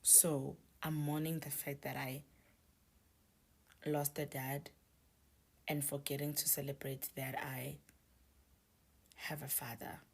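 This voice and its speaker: A woman telling a confessional story in a hushed, often near-whispered voice, hesitant and full of restarts. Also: low voice, level tone, slow pace, gravelly, long pauses, husky.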